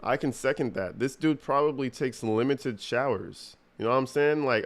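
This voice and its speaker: A mid-range male voice at normal speed delivers casual livestream commentary, reacting to a clip. His talk is crude and mocking, rambling along with plenty of slang.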